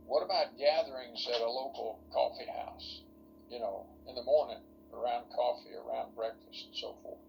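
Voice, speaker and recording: A man's voice: medium pitch, steady tone, normal speed, vocal fry, darkish tone, a little hiss or hum, rough recording. A man lecturing ministry students in an online workshop over a video call, folksy and rambling, full of rhetorical questions.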